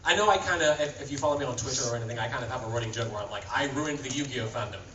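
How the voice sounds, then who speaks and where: A man's voice: mid-range voice, animated, racing, slight background noise. A British man from England speaking at a convention panel, self-deprecating and stammering through restarts with frequent laughs. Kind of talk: casual convention panel talk. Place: large convention hall with audience. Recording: roomy, distant, muffled fan recording in loud crowd.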